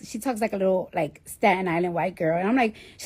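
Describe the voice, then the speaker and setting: A woman's voice: mid-range voice, fast, darkish tone, slightly rough. A young woman telling a story in a casual livestream on her phone, blunt and profane, rambling with lots of "like". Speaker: livestream host.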